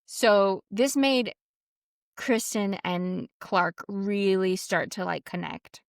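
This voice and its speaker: Podcast host, woman, mid-pitched, chatty storyteller, dry close mic, quick asides. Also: gravelly, no echo. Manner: chatty, lots of "like", quotes people in quick asides. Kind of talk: casual storytelling chat.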